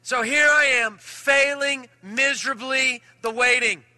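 High bright-voiced pastor telling a story. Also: male voice, measured pace, dry recording. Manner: animated storytelling, shifts between loud and hushed. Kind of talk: sermon with personal story.

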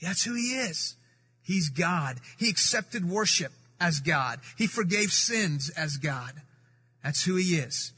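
A man from the Middle East preaching a sermon to a congregation. He speaks emphatically, repeats key phrases and slows down to read scripture. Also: sits high, expressive, bright, forceful tone, husky. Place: church sanctuary. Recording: reverberant hall.

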